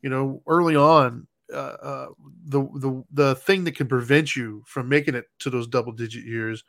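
A man's voice: medium pitch, steady tone, normal speed, no echo, clean studio sound. A man in his thirties co-hosting a casual chat, explaining his thoughts in long run-on sentences. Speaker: podcast co-host.

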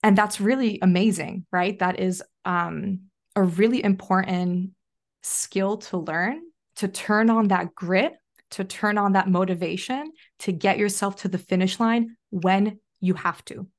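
A woman's voice: medium pitch, measured pace. A young adult woman, a podcast guest, telling a personal story in a chatty way, full of "like" fillers. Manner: chatty, frequent "like" fillers, animated retelling. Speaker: podcast guest, self-leadership coach. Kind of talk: casual interview storytelling.

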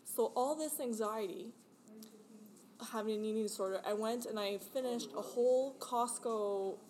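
A woman's voice: on the high side, moderate pace, darkish tone, slight background noise. A woman in her late twenties, a podcast guest, telling a candid personal story in an emotional, rambling way with frequent laughter. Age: 20s.

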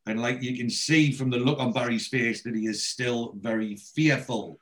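A man's voice: mid-range voice, fairly even intonation, normal speed, hardly any pauses, a bit bright. A man hosting a podcast, casually retelling scenes and quoting lines, with frequent restarts. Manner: storytelling, reads out quotes, many restarts. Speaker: podcast host. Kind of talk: casual episode recap.

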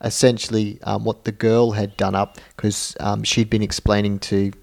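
A man's voice: on the low side, little pitch movement, moderate pace, vocal fry, a little mellow. Laughing man retelling movie scenes. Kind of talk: casual film review chat.

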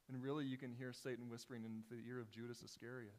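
A man's voice: mid-range voice, level tone, quick pace, hardly any pauses. Impassioned male preacher in a reverberant hall. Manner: impassioned, rhetorical questions, swings between hushed and loud. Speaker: pastor. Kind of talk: sermon. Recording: long reverb in a large hall.

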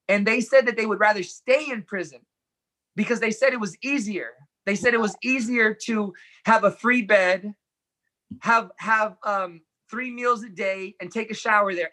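Male interview guest, bright and edgy in tone, earnest storyteller who acts out quoted dialogue. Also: sits high. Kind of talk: personal storytelling in conversation.

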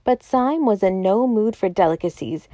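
A woman narrating a classic novel as an audiobook reader, in a measured, even storytelling manner. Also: mid-range voice, dry recording, studio quality. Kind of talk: scripted narration.

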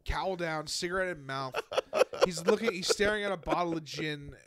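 A man's voice: fairly high pitch, moderate pace, crowd noise. A man co-hosting a podcast in casual chat, ranting and joking, swearing often. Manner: animated, swearing, jokey ranting. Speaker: podcast co-host.

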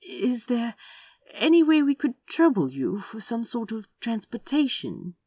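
A woman's voice: medium pitch, very animated, measured pace, vocal fry, darkish tone, breathy edge, dry recording, pitched above the performer's own voice, exaggerated voice. A woman reading a story aloud and voicing a prim, fussy male author who talks politely and carefully. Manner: polite, careful and a little airy.

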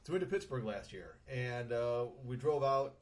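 A man's voice: mid-range voice, animated, moderate pace. Rambling middle-aged man, casual podcast chat. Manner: rambling, many ums and restarts, swears casually. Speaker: podcast co-host.

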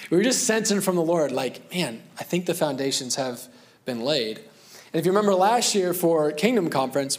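Earnest conversational male pastor. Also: fairly high pitch. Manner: conversational, earnest, with self-deprecating asides. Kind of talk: sermon.

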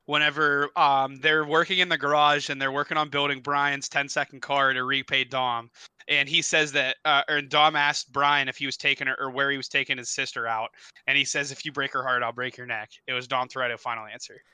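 A man's voice: mid-range voice, flat delivery, a little fast, sharp tone, clear, resonant tone, no room sound. A young man co-hosting a casual gaming podcast, rambling a little, laughing easily and swearing casually. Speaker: podcast co-host.

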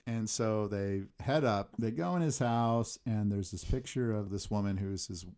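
A man's voice: on the low side, clear, resonant tone. Male podcast co-host, chatty, plays out characters' lines while recapping a film. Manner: animated, acts out characters' lines in quick bits. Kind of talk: casual chat retelling a film plot.

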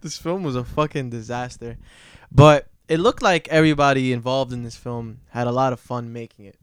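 A young man hosting a casual podcast, talking in a low-energy, laid-back way with lots of swearing. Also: moderate pace, clean tone, dry recording, studio quality. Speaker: podcast host. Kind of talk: casual chat.

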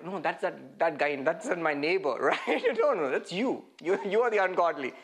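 A woman preaching a sermon in an animated way, laughing often and acting out quoted speech. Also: on the low side, moderate pace, few pauses, breathy edge. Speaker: pastor.

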